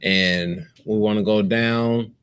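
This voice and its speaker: A man co-hosts a casual talk show and reads passages aloud in a slow, measured way, stopping to comment. His voice sits fairly low, and he takes his time. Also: steady tone, a bit bright, clean tone. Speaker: podcast co-host. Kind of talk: casual chat, reading aloud.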